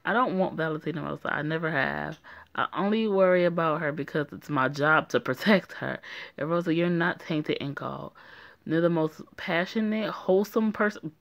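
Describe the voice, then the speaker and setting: Calm, protective male bodyguard in a story game, read by a woman in her own voice. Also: low voice, moderate pace, dull audio.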